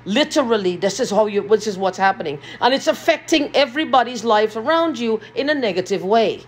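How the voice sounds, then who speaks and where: A woman's voice: fairly high pitch, expressive, fairly quick. A woman in an agitated, repetitive vlog rant, swearing often, recorded in a small basement room. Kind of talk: ranting vlog monologue.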